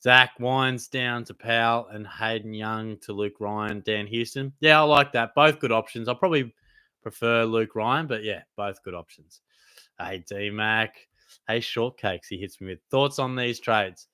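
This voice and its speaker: A young Australian man hosting a casual live stream Q&A, answering viewers' fantasy football questions in a relaxed, blokey way and calling them mate. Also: mid-range voice, a little slow, clear, resonant tone, no echo. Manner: laid-back, blokey, calls viewers mate.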